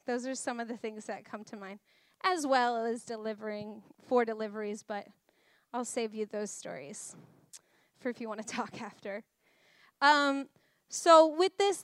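A woman in her thirties giving a chatty, animated personal testimony to a church crowd, laughing as she tells stories. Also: on the high side, smooth, no room sound, studio quality. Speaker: speaker at a church.

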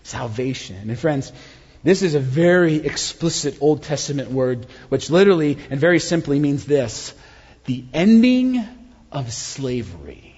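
A high-voiced man preaches with a husky edge, swinging from animated storytelling to quiet, hushed moments. His voice rings out into a church sanctuary with a long echo, and the sound is a little dull. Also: a little slow. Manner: animated, dramatic storytelling with sudden quiet drops. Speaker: pastor. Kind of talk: sermon. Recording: dull sound with long reverb of a large hall.

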